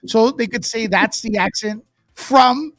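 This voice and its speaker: A man in his fifties hosting a casual livestream chat, animated and opinionated, often acting out quotes. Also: high voice, unhurried, no room sound. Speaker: host.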